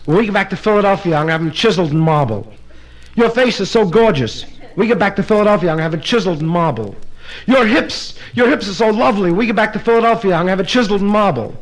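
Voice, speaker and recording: A man playing a doting honeymoon husband who gushes in rapid repetition. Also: high-pitched, lively intonation, rough recording. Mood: gushing.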